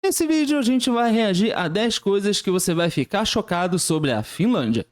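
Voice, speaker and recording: A man's voice: high voice, expressive, fairly quick. A man hosting a reaction channel in a friendly, casual way.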